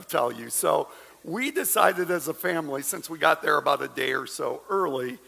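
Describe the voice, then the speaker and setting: Middle-aged male pastor, gravelly and husky, lively storytelling sermon, church hall reverb. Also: fairly high pitch. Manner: animated storytelling with humorous asides.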